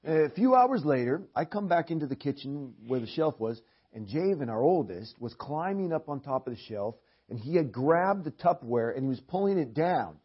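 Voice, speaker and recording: Middle-aged male preacher, husky, lively pitch, throat-clearing restarts; dull lo-fi church tape. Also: moderate pace, few pauses. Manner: animated, repeats words, clears throat often. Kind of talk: sermon. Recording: dull lo-fi sermon recording.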